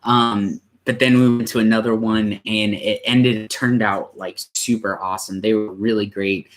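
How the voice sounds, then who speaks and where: A young man, a church youth pastor, telling a personal story in a casual, halting way, with many restarts and moments where he grows emotional. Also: on the low side, steady tone. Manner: emotional, near tears at times.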